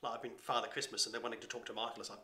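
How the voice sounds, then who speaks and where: A man's voice: mid-range voice, little pitch movement, very fast, bright, forceful tone. Brief: male performer, chatty, self-deprecating, echoey room. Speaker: performer playing a museum character. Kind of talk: conversational interview.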